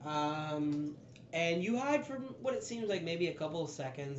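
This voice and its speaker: Man as a casual dungeon master, slightly high voice, rambling and filler-heavy, recorded dull and roomy. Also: animated, a little hiss or hum. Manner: loose, laughing, filler-heavy storytelling with quick put-on voices. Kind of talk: casual tabletop game narration. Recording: dull echoey room recording.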